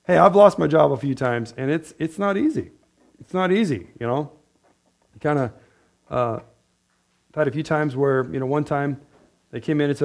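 Brief: male pastor, higher-pitched voice, casual joking sermon style. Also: moderate pace, pauses often. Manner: chatty, asks the room "right?", laughs at own jokes. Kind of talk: conversational sermon.

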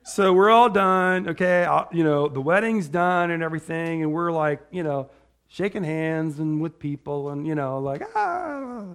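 A man delivering an informal sermon in a talkative, meandering way. His voice sits a little higher than usual for a man. He restarts his sentences and keeps checking in with the room by asking "right?". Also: normal speed, fairly bright tone, smooth. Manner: chatty, tags lines with "right?"; rambling with restarts. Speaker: preacher.

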